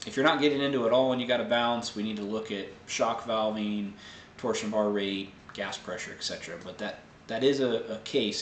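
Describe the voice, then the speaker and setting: A man hosting a live question-and-answer show, explaining technical answers in a relaxed way with many fillers. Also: on the low side, echoey room, slight background noise. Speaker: host answering viewer tech questions. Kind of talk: casual live Q&A.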